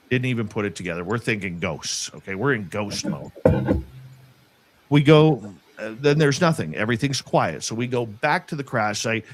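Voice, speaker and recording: A middle-aged man casually telling a story about an encounter, acting out the voices of the people in it. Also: lowish voice. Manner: animated, acts out quoted voices.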